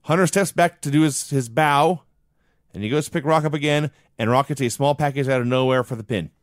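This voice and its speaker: A man's voice: mid-range voice, brisk, no room sound, clean studio sound. A man co-hosting a podcast, recapping an old wrestling show in a wry, storytelling way. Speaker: podcast co-host. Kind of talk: casual wrestling recap chat.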